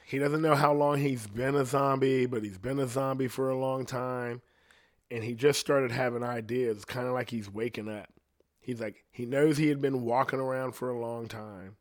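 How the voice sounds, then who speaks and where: A man of middle pitch hosts his own podcast alone, thinking out loud. He drifts from one odd idea to the next, swearing freely and checking in with "you know what I mean" as he goes. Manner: loose, profane, rambling with many "you know what I mean". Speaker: podcast host. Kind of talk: rambling solo podcast rant.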